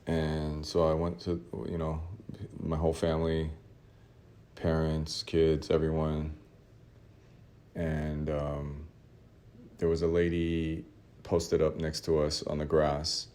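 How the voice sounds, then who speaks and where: A man casually telling a rambling, self-mocking story, with laughs and shouted re-enactments. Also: rumbling low, monotone, slow, pauses often. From Los Angeles area. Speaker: artist telling a story to his audience.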